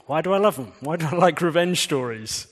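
Fairly high-pitched, animated, and fairly quick, a man preaches a sermon in a church with a reverberant hall. He keeps it conversational and engages the audience through quiz questions.

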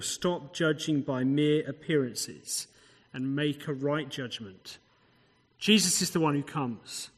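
Preacher in a reverberant hall. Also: male voice, mid-range voice, a bit bright, husky. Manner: expository, conversational asides, rhetorical questions. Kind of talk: sermon.

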